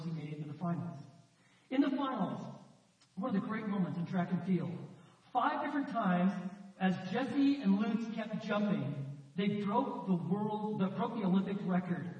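Pastor preaching in an echoey hall. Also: male voice, high-pitched, darkish tone. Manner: storytelling, conversational preaching with acted quotes. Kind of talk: sermon. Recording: echoey hall, distant mic, dull sound.

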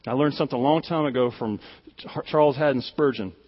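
A man's voice: medium pitch, quick pace, breathy edge, highs cut off. Man preaching in an echoey hall. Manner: conversational, emphatic preaching with repeated words. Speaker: pastor. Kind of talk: sermon.

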